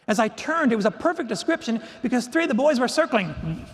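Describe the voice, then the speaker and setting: A man giving a keynote talk, telling a humorous story with animated comic timing. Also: very high-pitched, fairly quick, slight background noise. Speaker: keynote speaker. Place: conference hall stage. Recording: echoey hall.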